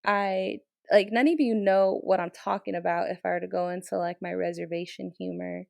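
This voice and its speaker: A young woman, a military training instructor from the Navajo Nation, telling a story in an interview with emotional, animated retelling. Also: fairly low pitch, normal speed, gravelly, no room sound, clean studio sound. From Navajo Nation, Southwest US.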